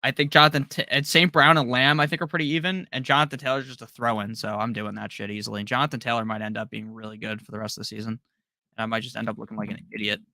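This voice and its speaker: A man hosting a casual live Q&A, rattling through viewer questions with short, offhand answers and loose slang. His voice has a gravelly edge over a bright, forward tone, and it sounds dry, with no room around it. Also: lowish voice, flat delivery, no room sound. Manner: rapid-fire, offhand answers with slang and the odd curse. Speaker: fantasy football live-stream host.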